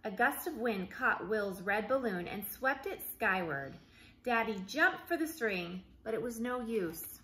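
A woman early-learning teacher reads a picture book aloud to young children, with clear and expressive storytelling. Her voice is bright and fairly high, and it moves animatedly up and down. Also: measured pace, slight background noise, poor audio.

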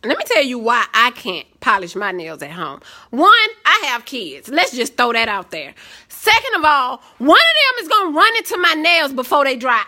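A young woman, hosting a casual live stream and telling sassy, animated stories. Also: on the high side, moderate pace. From Southern United States.

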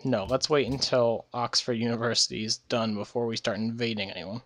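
Worn out from being sick, this man gives loose, chatty commentary over a strategy game, regularly stopping to fix what he just said. He speaks a little fast with a medium pitch, a fairly even intonation, and a slightly bright sound.

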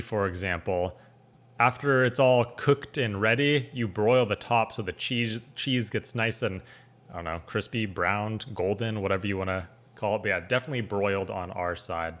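A man's voice: fairly low pitch, moderate pace, fairly bright tone. Chatty American man reacting casually. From California. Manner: chatty, rambling, with frequent restarts. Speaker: reaction video host.

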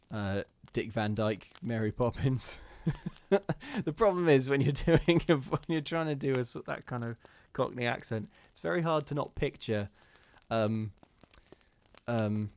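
A man reading gothic ghost stories aloud on a live stream. He breaks off to chat loosely with his audience, thanking commenters and poking fun at his own efforts. His voice sits at an ordinary middle pitch. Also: a little mellow. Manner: chatty, self-deprecating, thanks commenters.

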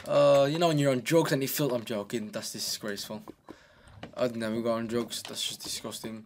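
A man narrating his gameplay in a loose, joking way, often coaxing himself along as he plays. His voice sits at an ordinary middle pitch and comes through a desk microphone, with faint keyboard clicking behind him. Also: level tone, normal speed, slight background noise. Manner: chatty and joking, talks to himself. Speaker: gaming channel host. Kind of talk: casual gameplay commentary.

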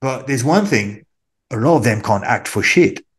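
A man with a French accent, an actor, talking through an interview in an animated, rambling way and repeating words as he goes. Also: medium pitch, normal speed. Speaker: actor guest. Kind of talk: casual interview chat.

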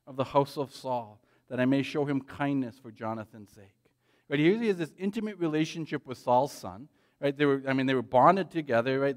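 A man preaching a sermon in a church, animated and conversational, often checking in with "right?". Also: mid-range voice. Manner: animated, frequent "right?" tag questions. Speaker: pastor.

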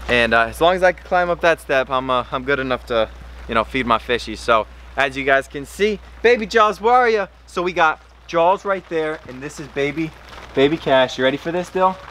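A man filming a casual fishing vlog outdoors by a pond, chatty and excitable, hurting from a cut on his hand. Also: fairly quick. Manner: excitable, talks to his fish in a high baby voice. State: in pain from a cut. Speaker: fishing vlogger.

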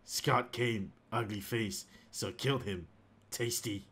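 Guy reading out an itchy half-zombie animal keeper's diary, bright even voice, flat read that gets broken and rambly. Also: on the low side, takes it slowly, slight background noise. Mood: unravelling. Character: male animal keeper slowly turning into a zombie.

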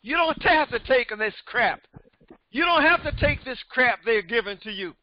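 A man in his seventies, a pastor preaching a sermon with emphatic repetition that rises to shouts. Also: very high-pitched, lively intonation, moderate pace. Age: 70s. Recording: dull, dry recording.

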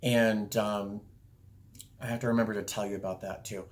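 A man's voice: lowish voice, little pitch movement, moderate pace. A young man telling a personal story to his camera in a rambling, casual way, full of fillers and restarts. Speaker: vlogger. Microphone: camera viewfinder, talking to camera.

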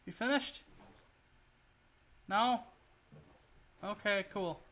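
High, bright-voiced male streamer. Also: drawn-out words. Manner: rambling, joking, swears at the game. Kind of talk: casual gameplay commentary.

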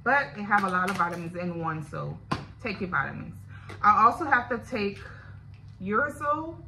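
A woman's voice: on the low side, animated, brisk, gravelly, noisy background. A woman with a Louisiana accent, chatting candidly and directly to her viewers in a casual video diary. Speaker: vlogger. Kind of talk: casual chat to camera.

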